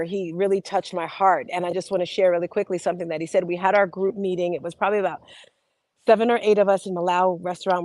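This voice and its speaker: A woman's voice: on the low side, a little mellow, dry recording, rough recording. A middle-aged woman from New Jersey hosting a casual motivational talk show. She is chatty and emotional, and she drifts off topic before returning to her point. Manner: chatty and emotional, laughs often, sidetracks then returns to the point. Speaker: host and youth program founder.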